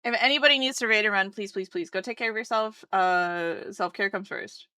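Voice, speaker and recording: Woman streamer, bright and forceful voice, excitable, dry close sound. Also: mid-range voice, a little fast, clear, resonant tone, no room sound. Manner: bubbly, excitable, swears casually. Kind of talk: casual live-stream chat.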